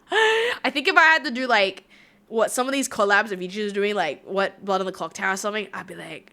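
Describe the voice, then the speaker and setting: Bubbly, bright-voiced Australian woman. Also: medium pitch, lively intonation, fairly quick. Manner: bubbly, rambling, giggly. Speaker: livestreamer. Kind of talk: casual stream chat reading viewer comments.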